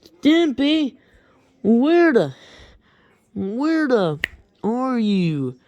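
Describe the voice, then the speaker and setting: A woman voicing a bossy cartoon horse who calls out loudly. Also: a little high, very animated, drawn-out words, dry recording, muffled recording, pitched above the performer's own voice, full character voice. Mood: calling out.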